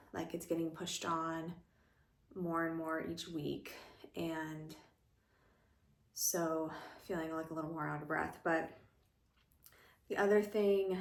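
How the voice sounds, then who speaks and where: A woman's voice: fairly low pitch, gravelly, roomy sound. A young woman chatting casually in a rambling, filler-heavy vlog at home, a little out of breath. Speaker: vlogger. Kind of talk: casual pregnancy vlog chat. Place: room at home.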